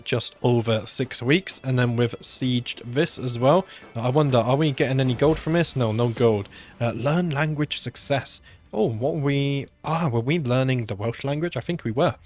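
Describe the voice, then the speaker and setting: With no room sound behind him, this British man talks at a moderate pace in a mid-range, slightly mellow voice. As a gaming channel host playing a strategy game, he muses casually, leans on filler sounds, and sounds a little unwell.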